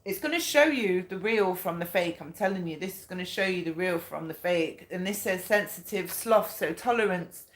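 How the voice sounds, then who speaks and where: A woman's voice: on the low side, animated, moderate pace, few pauses. A woman giving a casual spoken tarot reading, chatty and blunt, repeating her points and swearing now and then. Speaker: tarot reader. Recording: echoey room.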